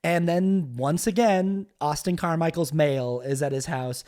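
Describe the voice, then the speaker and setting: A man co-hosting a podcast, retelling a film's scenes in casual chat and jumping into high voices for quoted characters. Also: a little slow, a little mellow. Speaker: podcast co-host. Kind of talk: casual movie recap chat.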